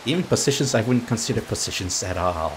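A man giving playful gameplay commentary as a let's play host, cooing softly and giggling while he talks to the characters on screen. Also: fairly low pitch, animated, quick pace, background noise. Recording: game music behind the voice.

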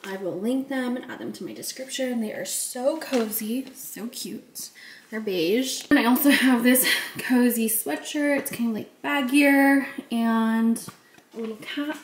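A woman's voice: on the high side, a little slow, slight background noise, low-quality recording. A young woman chatting casually to camera as a lifestyle vlogger, bubbly and chatty with lots of fillers. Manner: bubbly, chatty, full of "like" and "so cute".

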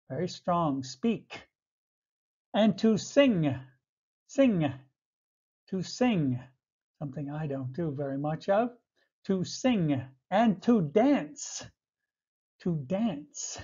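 A man teaching basic English verbs, repeating each word slowly and clearly with light chuckles. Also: sits high, dark tone. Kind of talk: slow vocabulary lesson for learners. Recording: dull lo-fi audio.

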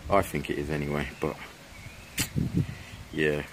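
Laid-back young man, very deep voice. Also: steady tone, measured pace, background noise. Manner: laid-back, slangy, swears a lot. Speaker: vlogger. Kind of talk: casual chat to camera. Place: at home and outdoors.

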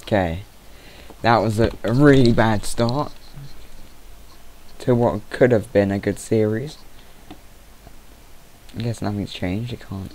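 A man's voice: on the low side, takes it slowly, long pauses, a little mellow, slight background noise, low-quality recording. A young man giving rambling let's play commentary, easily startled and chatting to the animals in the game. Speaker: gamer. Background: mouse clicking.

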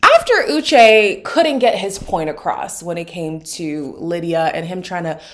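A woman with a deep morning voice giving casual, opinionated commentary on a reality show to her channel's viewers. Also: measured pace. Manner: opinionated, sassy, emphatic. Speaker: recap vlogger.

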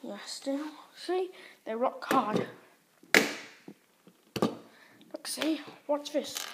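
A woman's voice: high-pitched, expressive, extremely slow, very noisy. A woman making a homemade toy video, chatting casually and giggling while she plays. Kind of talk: casual commentary while playing.

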